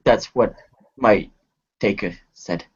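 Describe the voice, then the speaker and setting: A man playing in a tabletop game, describing his character's actions. He speaks haltingly, with restarts. The recording sounds muffled, as if from a cheap mic. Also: fairly low pitch, slightly rough. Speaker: player.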